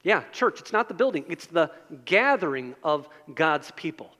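A man delivers an earnest sermon, repeating phrases to drive home each point. His voice sits notably high for a man. The sound rings with the long reverb of a large church sanctuary. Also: big pitch swings, normal speed, sharp tone. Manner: earnest preaching with repetition. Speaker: pastor.

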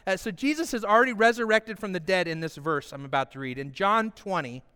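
A man preaching an Easter sermon as pastor, lively and calling the congregation to repeat after him. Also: high voice, fairly quick, clear, resonant tone. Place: church sanctuary with congregation. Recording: long hall reverb.

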